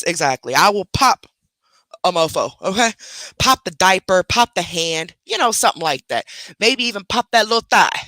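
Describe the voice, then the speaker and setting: Lady on a home livestream, chatty and blunt, bright voice, dry close sound. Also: medium pitch, no echo. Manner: chatty, blunt, talks to pets and chat. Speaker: livestream reaction host. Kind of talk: casual livestream chat.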